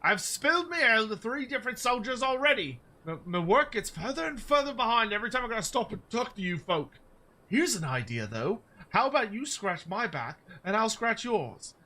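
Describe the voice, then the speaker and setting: A man's voice: sits high, very animated, a little fast, bright, forceful tone, pitched above the performer's own voice, heavily acted. A man voicing a pushy, working-class male miner in a video game, putting on a British accent and dropping his consonants. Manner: blunt, dropped consonants, bargaining.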